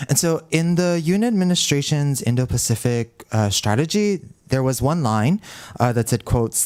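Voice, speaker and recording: A man's voice: medium pitch, expressive, moderate pace, darkish tone, clear, resonant tone. A man in the audience, polite and formal, putting a question to a panel.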